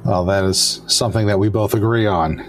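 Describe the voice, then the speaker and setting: A man voicing a gracious, aristocratic old male vampire elder with a formal, halting manner. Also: on the low side, steady tone, faint music behind, natural voice. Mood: courtly.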